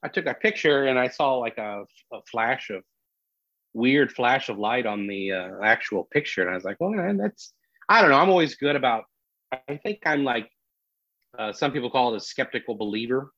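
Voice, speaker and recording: A man, a comedian, telling a story in casual podcast chat, animated and full of restarts. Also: medium pitch, normal speed, no room sound. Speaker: comedian guest. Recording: dull lo-fi dry sound.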